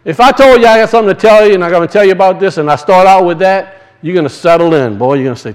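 Man, high-pitched, sermon, conversational, impassioned, slow deliberate scripture reading. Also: clean tone, rough recording. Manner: impassioned, conversational preaching with drawn-out emphasis; reads scripture aloud slowly and deliberately. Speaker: preacher.

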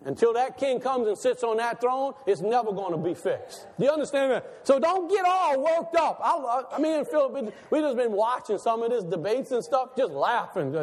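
Male pastor, very high voice, animated sermon delivery with a long hall reverb. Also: normal speed, hardly any pauses. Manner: animated preaching, rhetorical questions, laughs between lines.

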